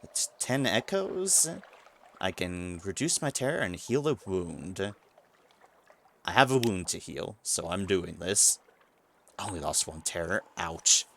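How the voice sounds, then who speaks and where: A man streams a video game as a let's play streamer, casually musing over his choices and reading the game's text to himself. His voice is deep, animated and a bit bright with some creak, at a measured pace, over slight background noise.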